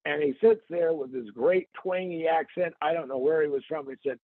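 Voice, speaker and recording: A man hosts a podcast in a loose, joking way, telling stories with playful asides. His voice sits a little high, with a gravelly, husky edge. It comes through a tinny, phone-like line with a dry sound. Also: moderate pace, dry recording. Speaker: podcast host. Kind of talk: casual comic podcast chat.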